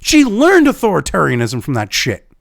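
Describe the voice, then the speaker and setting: A man's voice: high voice, wildly swooping pitch, moderate pace, creaky, no room sound, studio quality. A man delivering angry, profane and sarcastic political commentary as a vlogger.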